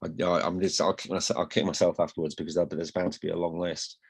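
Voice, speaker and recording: Deep-voiced northern English man. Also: little pitch movement, rapid-fire, gravelly, slightly rough. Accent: slight northern English, flat vowels. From Hull, England. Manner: rambling, self-deprecating, frequent restarts. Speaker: guest, newspaper columnist. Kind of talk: casual interview chat.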